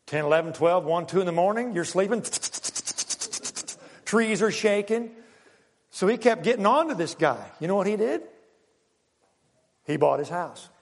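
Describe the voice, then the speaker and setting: Animated older male preacher in a reverberant hall. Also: high-pitched, normal speed, long pauses. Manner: animated, swinging from loud to hushed. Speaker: pastor. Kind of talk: sermon with personal storytelling.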